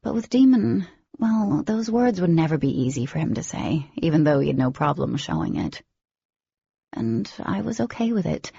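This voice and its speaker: A woman narrating an audiobook in first person, with an expressive reading and a husky, creaky voice. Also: sits low, moderate pace, no room sound, muffled recording.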